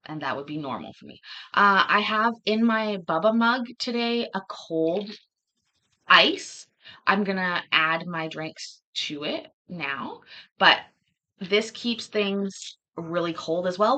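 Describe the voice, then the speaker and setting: A woman's voice: mid-range voice, slow pace, sharp tone. A woman hosting a livestream, chatting casually and rambling, often laughing between thoughts. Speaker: livestream host.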